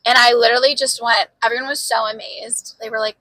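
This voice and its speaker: A young woman with a bright, clear voice and a slightly high pitch. She co-hosts a podcast and tells stories in casual chat, with "like" in nearly every phrase and swearing along the way. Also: little pitch movement, fast, no room sound, poor audio. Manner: chatty storyteller, heavy use of "like", swears freely. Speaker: podcast co-host.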